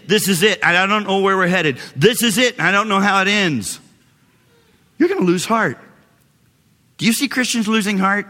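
A pastor delivers a sermon in a church sanctuary, his voice bright and somewhat high for a man. He swings between loud, exclamatory bursts and quiet, low asides. Long reverb from the large hall trails behind every phrase.

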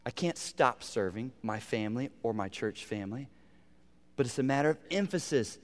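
A male pastor preaching a sermon, moving from loud emphasis to hushed, almost whispered lines. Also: medium pitch, animated, moderate pace, big-room sound.

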